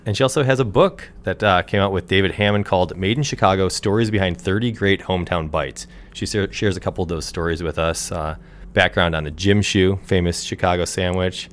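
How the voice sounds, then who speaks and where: Deep-voiced male podcast co-host. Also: a little fast. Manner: relaxed, joking banter. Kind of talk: casual chat.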